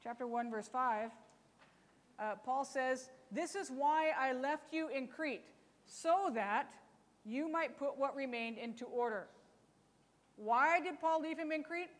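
A woman's voice: high-pitched, slow pace, big-room sound. A woman teaching a Bible study lesson in a chatty, teasing way, often asking rhetorical questions.

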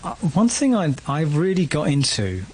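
A man's voice: fairly high pitch, very animated, normal speed, darkish tone, a little hiss or hum. A man, a musician guest reflecting on his career in a casual radio interview. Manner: reflective, storytelling.

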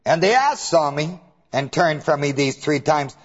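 A stern angel rebukes a rider, blending old scripture wording with everyday slang, as a preacher puts him on. The voice is husky and lively, heard through a dull, lo-fi recording. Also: male voice, fairly high pitch, unhurried, long reverb tail.

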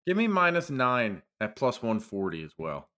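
Bright, animated male cohost. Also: medium pitch, normal speed. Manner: teasing, enthusiastic. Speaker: podcast cohost. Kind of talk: casual sports betting podcast chat.

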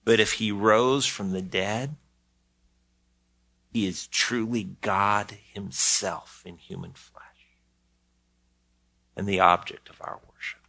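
Slow, bright-voiced male pastor preaching. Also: on the low side, steady tone, gravelly. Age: older. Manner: earnest, repeats words when starting phrases. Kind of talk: sermon.

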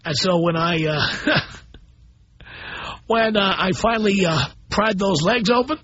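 A middle-aged man hosting a call-in radio show, blunt and animated as he tells stories to his listeners. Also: sits high, slow, breathy edge. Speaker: radio talk show host. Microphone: studio microphone. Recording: dull broadcast audio.

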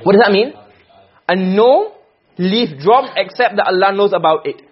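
A man's voice: high voice, animated, moderate pace, breathy edge, highs cut off. A man teaching a class on Arabic grammar, quizzing his students with frequent questions.

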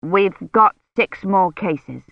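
An audiobook reader voicing a brisk, commanding woman doctor, in a dull, dry recording. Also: medium pitch, animated, gravelly, no room sound.

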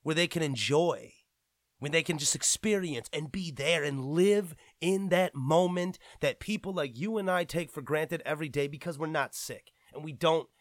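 High bright guy ranting on his gaming podcast, cussing a lot, dry close mic. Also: normal speed, dry recording. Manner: profane, fired-up ranting. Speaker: podcast host.

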